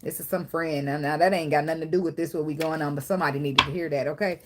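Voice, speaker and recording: A woman's voice: low-pitched, fairly even intonation, quick pace, heavy background noise. A woman giving a casual tarot reading, blunt and profane, talking straight to the viewer. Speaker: tarot reader.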